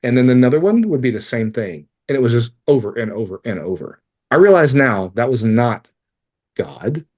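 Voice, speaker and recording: A man's voice: mid-range voice, normal speed. A man in his forties tells a personal story as a podcast guest. He talks candidly, swears freely and pokes fun at himself. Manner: swears freely, animated and self-mocking. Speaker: podcast guest, life coach.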